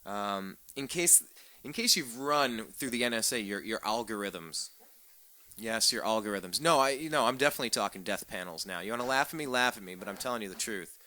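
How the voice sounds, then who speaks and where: A man's voice: on the low side, expressive, brisk, pushed and bright. A man hosting a political talk radio show, delivering a sarcastic, ranting monologue and stumbling over repeated words as he gets fired up.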